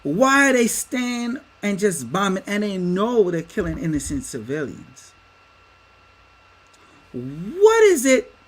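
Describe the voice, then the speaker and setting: Man, livestream host, unhurried delivery, emphatic, rhetorical questions, talks to viewers as y'all. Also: high voice, lively intonation, fairly bright tone, poor audio. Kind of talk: livestream commentary. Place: home setup with a green screen.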